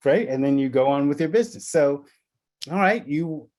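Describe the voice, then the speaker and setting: A man's voice: on the high side, animated, moderate pace, darkish tone. A middle-aged man from Los Angeles giving a training talk, telling stories and acting out the dialogue in them. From Los Angeles, California. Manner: storytelling, acts out quoted dialogue. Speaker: presenter on anti-racism. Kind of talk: recorded training session talk.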